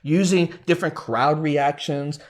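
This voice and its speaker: A man's voice: on the high side, steady tone, unhurried. A man hosting a casual commentary, talking animatedly and asking many rhetorical questions. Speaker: YouTube commentator.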